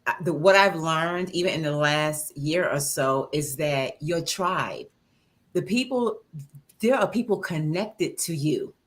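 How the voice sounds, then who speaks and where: A woman's voice: low-pitched, animated, a little slow. A woman co-hosting a casual livestream discussion, sharing reflective thoughts and affirmations.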